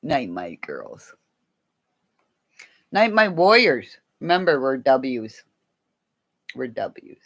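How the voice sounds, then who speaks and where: Chatty woman, slow and lively. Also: rumbling low. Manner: chatty, playful, laughs often. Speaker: livestream host. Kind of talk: casual livestream chat.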